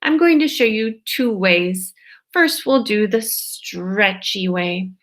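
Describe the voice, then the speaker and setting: Woman, kindergarten teacher, slow unhurried delivery, stretches out sounds, patient, mid-pitched. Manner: stretches out sounds and words slowly, checks in with "okay?". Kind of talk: slow, patient phonics lesson for young children.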